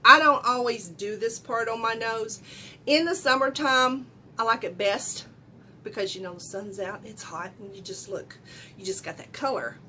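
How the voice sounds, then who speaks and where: A middle-aged woman giving a casual makeup tutorial at home, chatty and loud, often asking viewers questions. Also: on the high side, moderate pace, slight background noise. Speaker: beauty vlogger.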